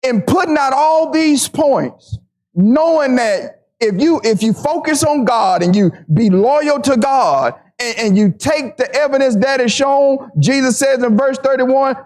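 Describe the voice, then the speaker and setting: Man, preacher, very high voice, emphatic sermon, repeats phrases. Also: expressive, darkish tone. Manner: emphatic, repeating phrases, slowing down to stress scripture.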